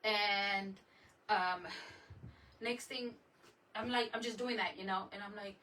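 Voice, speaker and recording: A chatty woman tells a story while she crafts, laughing freely and dropping in the odd Spanish word. Her voice sits at a medium pitch. She is picked up from a bit away from the mic, with a faint hum of the room behind her. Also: slow pace, distant mic, rough recording. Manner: animated, laughs often, mixes in Spanish words. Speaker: craft livestream host.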